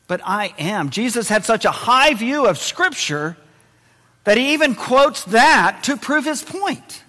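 A man preaching a sermon in a high, bright voice, moving between loud emphasis and quiet intensity. His words ring out with a long reverb, as in a church hall. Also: very animated, slow. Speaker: pastor.

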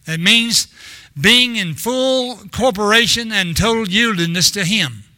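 A man's voice: high voice, a little slow, bright, forceful tone, no room sound. An older man preaching a sermon in a rambling, storytelling way, often restarting his sentences.

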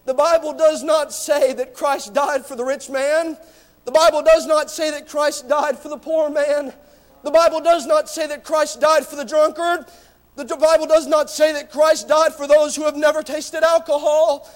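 A man preaching a fervent sermon to a church, often shouting and repeating rhetorical questions to his congregation. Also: very high-pitched, level tone, moderate pace.

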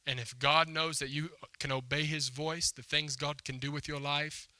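A man's voice: fairly high pitch, level tone, normal speed, pushed and bright, no room sound. A man preaching a sermon as a pastor, telling a story in a conversational, emphatic way and acting out the quotes. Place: church hall before a congregation.

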